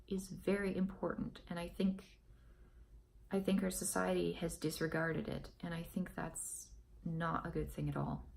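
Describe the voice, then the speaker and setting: A woman vlogger giving an earnest opinion monologue, stressing and repeating her key points and pausing to find her words. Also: lowish voice, a little mellow. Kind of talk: personal opinion monologue to camera.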